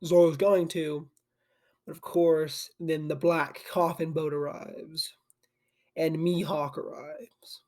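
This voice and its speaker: Chatty young man, higher-pitched. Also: steady tone, takes it slowly, darkish tone. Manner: loose and chatty, full of "like" and restarts. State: sleepy and yawning. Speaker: anime channel host. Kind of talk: casual rambling retelling. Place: home desk with a camera.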